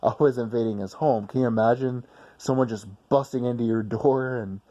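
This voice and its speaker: A man's voice: mid-range voice, fairly even intonation, a little fast, warm tone, muffled recording. A man casually telling a personal story in a rambling, blunt way with some swearing.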